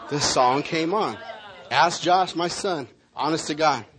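A man preaching a sermon, speaking prophetic words over a congregation member and telling lively stories. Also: on the high side, a little slow, a crowd in the background, noisy background. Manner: animated storytelling with prophetic declarations. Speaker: pastor.

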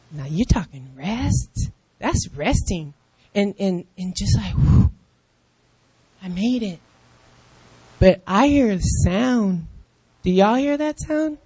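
A woman in her fifties preaching a lively sermon, acting out the voices of other people and calling out in excitement. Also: medium pitch, slow, pauses often, slightly rough, no echo. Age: 50s. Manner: animated, acts out voices of others, shouts in excitement.

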